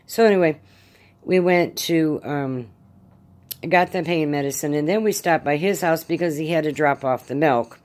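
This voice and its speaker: Low-pitched middle-aged woman, video diary at home, sore after surgery, halting and rambling. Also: a little mellow. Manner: rambling, halting, lots of fillers. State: in pain after arm surgery. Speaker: vlogger. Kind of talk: casual spoken diary.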